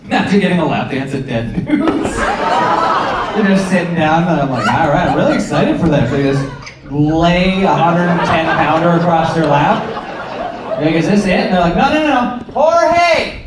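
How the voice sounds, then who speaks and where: A man in his thirties doing a stand-up comedy set, sarcastic with deadpan asides and sudden acted-out voices. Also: a little high, normal speed, very noisy. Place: comedy club stage, from far off. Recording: roomy club sound, distant mic, crowd laughter.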